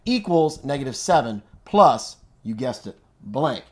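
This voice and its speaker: A man with a medium-pitched, very animated voice teaches math at a measured pace. His casual classroom explanation is upbeat and slangy, and he thinks aloud, talking to himself as he works each step.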